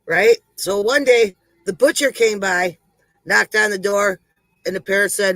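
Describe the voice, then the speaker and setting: A man's voice: high voice, fairly even intonation, normal speed, bright, forceful tone, dry recording, rough recording. A man hosting a comedy livestream, telling corny jokes to his chat, laughing at them and poking fun at himself. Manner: laughs at his own jokes, self-deprecating. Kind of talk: telling one-liner jokes to a live chat.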